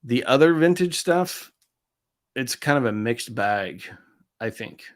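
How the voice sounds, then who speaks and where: A man in the middle of a relaxed live stream, reading out viewer messages and answering each one. His voice sits at an ordinary pitch. He talks loosely, full of "um" and "like" and quick asides.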